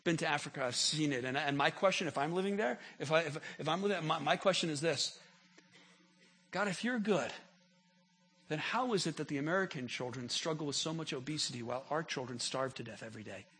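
A man preaching a sermon as pastor, impassioned, often repeating words as he builds, rising to near-shouts when voicing prayers. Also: on the high side, a little fast, slightly rough.

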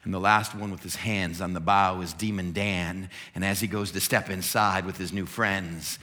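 A man's voice: deep voice, fairly even intonation, normal speed, sharp tone, big-room sound. A man preaching a sermon, retelling a scene in vivid, dramatic detail. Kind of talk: sermon storytelling.

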